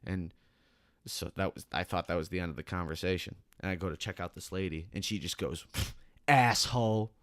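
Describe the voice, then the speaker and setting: A man's voice: sits low, fairly even intonation, a little fast, no echo, studio quality. A young man, telling a heated, profane work story as a podcast co-host. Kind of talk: casual podcast chat.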